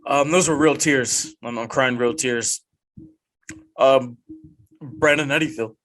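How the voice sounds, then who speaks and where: A man hosts a casual chat podcast with a bright, forceful voice. He jokes in a mock-dramatic way and rambles with frequent restarts. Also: mid-range voice, a little slow, long pauses. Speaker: podcast host.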